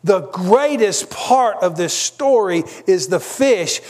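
A man's voice: high-pitched, animated, takes it slowly, a little mellow. A man preaching a sermon, telling a story conversationally with asides. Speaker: pastor.

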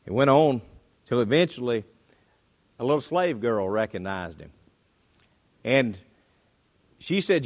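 Man, preacher, sermon delivery, dramatic rises and hushed drops. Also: animated, measured pace, long pauses. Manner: dynamic delivery, pitch and volume rising and dropping.

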